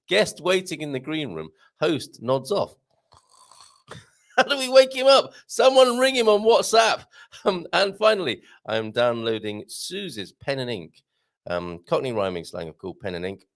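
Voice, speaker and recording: Chatty, giggly man with a gravelly voice. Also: medium pitch. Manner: chatty, giggly, lively, many ums. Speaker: host. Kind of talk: live-stream chat with viewers.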